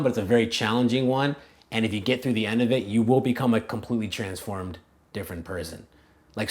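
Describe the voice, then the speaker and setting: A man being interviewed as a language coach, talking casually and thinking aloud, with many fillers and restarted phrases. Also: fairly low pitch. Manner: casual, animated, many "like" and "you know" fillers. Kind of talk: conversational interview answers.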